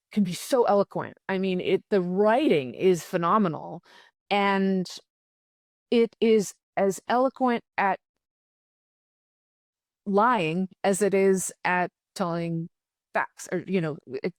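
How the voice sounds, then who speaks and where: A woman's voice: mid-range voice, no echo. Enthusiastic woman journalist, dry close sound. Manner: enthusiastic, talkative, many restarts. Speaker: journalist and writer. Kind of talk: casual conversation.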